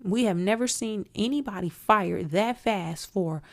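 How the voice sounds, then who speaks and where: A woman's voice: mid-range voice, a little slow, gravelly. A woman hosting a solo commentary podcast, outspoken and emphatic, talking straight to her listeners. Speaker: podcast host.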